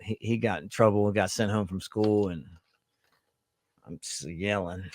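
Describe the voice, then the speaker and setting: A man's voice: on the low side, moderate pace. A middle-aged man hosting a sports podcast in a laid-back, chatty way, laughing often. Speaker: podcast host. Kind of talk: casual sports podcast chat.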